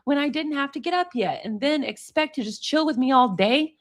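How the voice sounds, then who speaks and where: Dismissive teen boyfriend, sulky texts, a woman reading them flat. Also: sits high, brisk. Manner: read aloud flatly.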